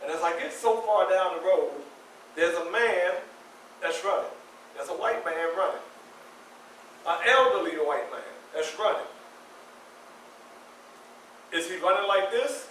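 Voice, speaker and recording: A high-voiced, bright older man in his sixties tells a personal story live to an audience, acting out the scenes as he goes. He sounds like he is in an echoey room, caught by a distant mic with faint ambience behind him. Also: measured pace, pauses often, a little hiss or hum. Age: 60s. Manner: animated, acts out scenes with voices and shouts. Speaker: featured storyteller. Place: community center hall.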